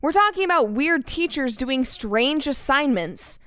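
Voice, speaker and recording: A woman's voice: sits high, animated, measured pace, a bit bright. A woman commentator in a played video, making an earnest, emphatic argument. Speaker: political commentator.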